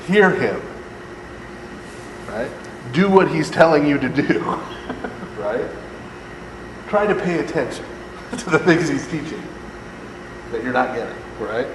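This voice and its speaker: A man leading a casual Bible study lecture for a live group, joking and acting out voices, and asking "right?" again and again. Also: mid-range voice. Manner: conversational, keeps asking "right?", jokes and acts out voices. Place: church hall or classroom with a live group. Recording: echoey hall with faint air-conditioning hum.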